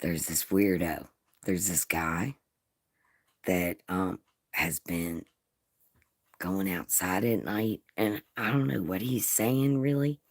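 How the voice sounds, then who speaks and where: A woman's voice: extremely low pitch, slow, long pauses, no echo, clean studio sound. A woman hosting a casual livestream, reading chat and telling stories with frequent swearing and laughter. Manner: crude, swearing, laughing often.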